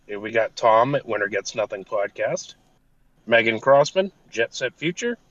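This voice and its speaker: A man's voice: mid-range voice, lively intonation, moderate pace, fairly bright tone, dry recording. A man co-hosting a podcast, casually swearing while reading out thank-yous. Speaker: podcast co-host. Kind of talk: casual chat. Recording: dull dry lo-fi mic.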